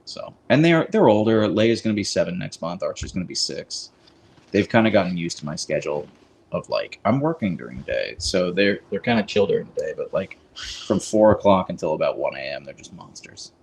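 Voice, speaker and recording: A man hosting a casual live stream, rambling in a friendly way with lots of fillers, speaking into a boom mic. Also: sing-song, brisk, creaky, a little mellow, slight background noise, low-quality recording. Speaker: livestream host.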